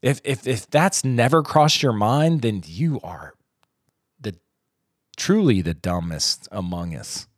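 A man from the United States hosts a solo podcast rant, blunt and profane, his pitch swinging up and down as he gets worked up. He rambles, restarts and trails off. The sound is close and dry, with no room echo. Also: sing-song, takes it slowly. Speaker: podcast host.

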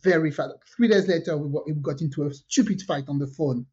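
Woman telling a lively story. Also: sits low, a little fast, breathy edge. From French Caribbean. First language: French. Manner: lively storyteller who acts out quoted dialogue. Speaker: podcast co-host. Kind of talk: casual storytelling chat. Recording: dull lo-fi podcast audio.

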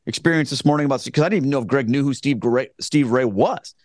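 A man's voice: mid-range voice, quick pace, no room sound, studio quality. A man, earnestly telling his conversion story as a guest, rambling with frequent restarts. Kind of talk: casual spoken testimony.

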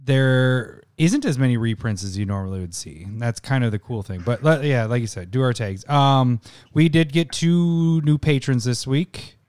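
A man co-hosts a podcast in casual chat, joking, laughing often, and slipping into silly voices now and then. His mid-range voice is a little mellow at a moderate pace, captured with studio quality and no echo.

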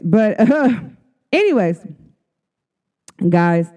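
A woman's mellow, warm voice with a smooth, clean tone talks through an astrology update. She is chatty and casual, speaks straight to her viewers and laughs often. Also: fairly low pitch, expressive, a little slow. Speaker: astrology and oracle reader.

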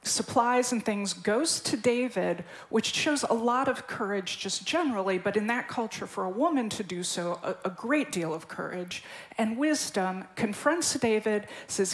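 A woman retells a Bible story in an even, unhurried way, adding small asides. She speaks plainly in a relaxed church discussion. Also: mid-range voice, rough recording.

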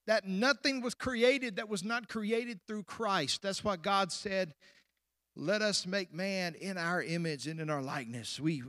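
A man preaching a sermon, asking the congregation questions, rushing ahead at times and then slowing and dropping to hushed endings. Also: high-pitched, no echo, clean studio sound. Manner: preaching with sudden rushes and drawn-out, hushed endings. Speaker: pastor.

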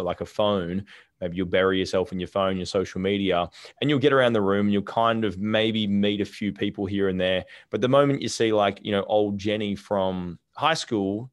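A man with a very low voice explains his ideas in a rambling way, full of "like" and "you know". The recording is dry and close. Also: dry recording. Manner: rambling, filler-heavy explaining. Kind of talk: casual conversation.

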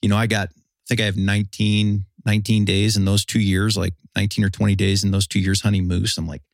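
Low-voiced man, rambling storyteller. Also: level tone, fast talker, vocal fry, no room sound, studio quality. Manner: rambling storyteller, filler-heavy. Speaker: guest telling a hunting story. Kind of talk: casual chat.

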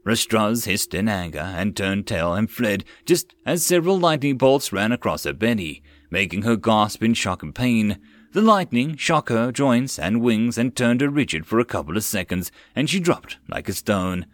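A man narrating a web novel audiobook, expressive and swinging with the action. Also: lowish voice, moderate pace, no room sound. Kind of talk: reading a web novel aloud.

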